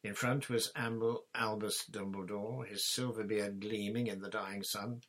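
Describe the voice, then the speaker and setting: A man reading a storybook chapter aloud as narrator in a steady, even manner. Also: on the low side, a little slow. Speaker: audiobook reader.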